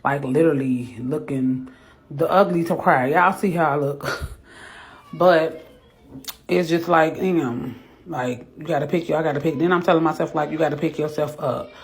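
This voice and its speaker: A woman, a mother recording a rambling, emotional confessional vlog at home, teary from crying and talking herself through her morning out loud. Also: sits low, moderate pace. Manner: rambling, talks to herself aloud. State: teary, has been crying. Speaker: vlogger, mother. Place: home bathroom and kitchen.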